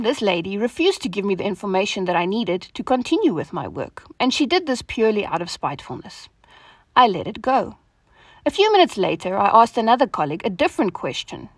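A woman's voice: mid-range voice, dry recording, clean studio sound. Earnest woman giving a devotional talk. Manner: earnest, gentle, reflective, softening at phrase ends. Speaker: devotion host.

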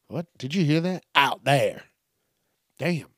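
A man's voice: fairly high pitch, animated, slow pace, long pauses, a bit bright, no echo, clean studio sound. A man hosting a solo comedy podcast, rambling loosely with lots of profanity and amusing himself as he goes. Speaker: podcast host.

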